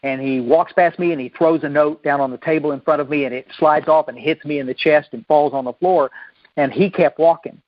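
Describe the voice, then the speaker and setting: A man's voice: a little high, steady tone, no room sound. Folksy man telling his recovery story. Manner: folksy, self-deprecating, halting with restarts. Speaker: recovery speaker. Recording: dull lo-fi dry recording.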